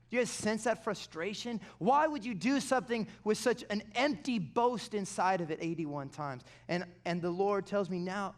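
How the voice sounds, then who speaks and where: A pastor preaching a sermon, telling stories animatedly and dropping into quiet, intense passages. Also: male voice, high-pitched.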